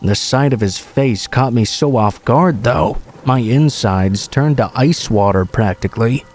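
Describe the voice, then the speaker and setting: A man reading true horror stories aloud as scripted narration, in a steady, measured way. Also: medium pitch, a little hiss or hum.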